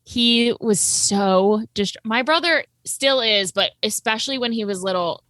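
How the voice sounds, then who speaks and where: Bright, animated young woman storyteller. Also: a little high, a little slow, no room sound. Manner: animated storyteller, acts out quotes with laughter. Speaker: podcast co-host. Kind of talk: casual chat.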